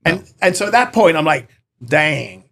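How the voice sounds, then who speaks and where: Telling a personal story as an interview guest, this earnest middle-aged Briton is animated and voices the dialogue himself. His voice is high and a little fast.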